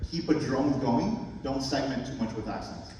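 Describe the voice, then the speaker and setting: A man's voice: medium pitch, moderate pace, dark tone, slight background noise. Man coaching an ensemble in an echoey hall. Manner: explanatory, breaks rhythms down step by step. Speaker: music instructor leading a master class. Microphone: distant from the mic. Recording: echoey hall, far mic, music behind. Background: ensemble music.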